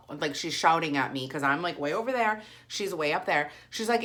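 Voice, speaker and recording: A woman, telling a story in a chatty, animated vlog style. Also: low-pitched, fairly quick, few pauses. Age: 40s. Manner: animated, chatty, heavy use of "like". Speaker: vlogger. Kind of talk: casual storytelling while eating.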